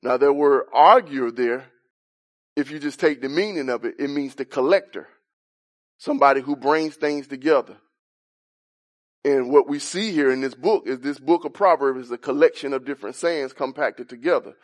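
A man's voice: mid-range voice, normal speed. A man preaching a Bible-teaching sermon, explaining a passage and asking questions as he rises in intensity on key points.

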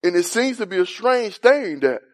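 A man's voice: sits high, big pitch swings, normal speed. A man preaching a Bible-teaching sermon, explaining a passage and asking questions as he rises in intensity on key points.

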